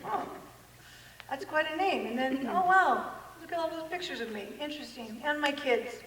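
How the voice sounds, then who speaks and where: High woman speaker, lively and laughing, miked from far off in a big hall. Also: normal speed. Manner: lively, laughing, quotes people in acted voices. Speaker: speaker giving a talk. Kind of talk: animated public talk.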